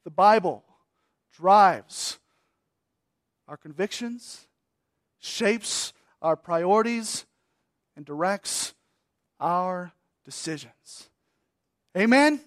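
Man, pastor, sermon, emphatic, loud-to-hushed swings, slow delivery, dry close sound. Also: high-pitched, no room sound.

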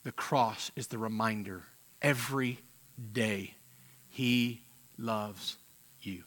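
A man preaching a sermon with passion, swinging from loud emphatic peaks to quiet, intense moments and often repeating words as he restarts phrases. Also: fairly low pitch, slow. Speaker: pastor.

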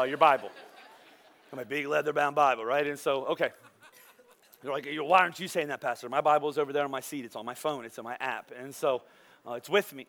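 A man serving as pastor preaches a sermon in a high-pitched voice. He's animated and conversational, tossing playful asides to the congregation.

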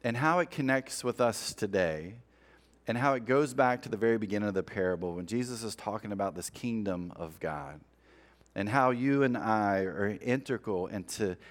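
A man preaching a sermon in a conversational way, acting out the lines of a parable as he retells it. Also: on the low side. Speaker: pastor.

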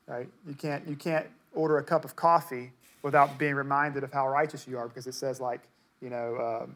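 A man preaching a sermon to a congregation, conversational and emphatic, repeating words to stress his points. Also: a little high. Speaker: pastor.

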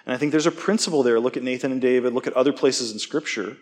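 A man giving a conversational sermon, relaxed and self-deprecating, often checking in with his listeners. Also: medium pitch, fast. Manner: casual, self-deprecating, asks "okay?" often. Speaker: preacher.

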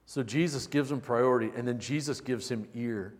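A man preaching a sermon as a pastor, animated, shifting between loud emphatic bursts and soft, intimate passages. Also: mid-range voice, normal speed, big-room sound.

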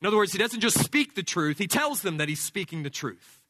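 A man's voice: high voice, very animated, fairly quick, pushed and bright, no echo. A man preaching an expository sermon, laying out his points one by one with firm emphasis. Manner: emphatic, methodical teaching with numbered points.

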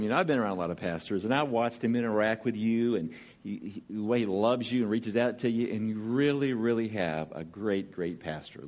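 A man with a Southern accent from Georgia, preaching as a guest speaker in a chatty, joking, storytelling way. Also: medium pitch. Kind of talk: sermon with jokes.

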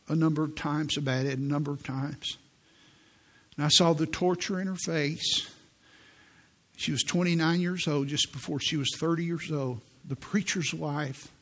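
A man in his sixties, a pastor preaching a sermon in a church, telling stories in an earnest way and slowing down for quoted prayers. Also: fairly high pitch, a bit bright. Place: church sanctuary.

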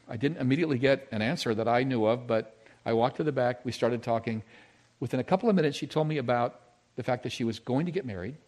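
A male pastor giving a sermon, telling a personal story, moving between loud emphasis and hushed, intimate moments. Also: medium pitch.

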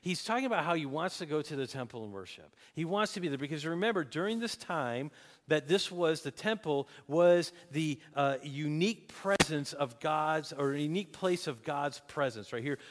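Guy preaching a sermon, earnest and emphatic, slightly higher voice, lots of hall reverb. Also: expressive, moderate pace. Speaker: pastor.

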